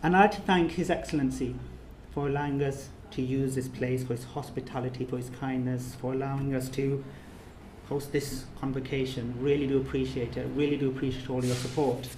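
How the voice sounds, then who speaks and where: A man's voice: mid-range voice, flat delivery, a little fast, darkish tone, a little hiss or hum. Earnest man speaking in an echoey room. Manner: earnest, repetitive, emphatic. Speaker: course trainer giving a speech. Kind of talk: emotional closing speech. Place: reception room in a residence. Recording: echoey room, faint ambience.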